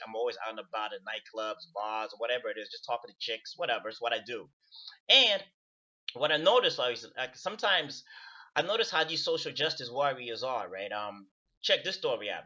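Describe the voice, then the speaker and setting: A man's voice: mid-range voice, pushed and bright, lo-fi sound. A man talking to camera in a casual, profane rant, repeating words for stress. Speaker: video commentator. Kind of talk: casual ranting monologue.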